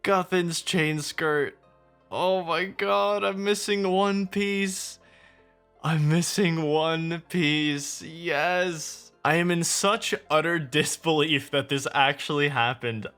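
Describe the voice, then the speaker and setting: A young man giving chatty, excitable gameplay commentary to his viewers as a video creator. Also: fairly high pitch, slow, clean tone, faint music behind.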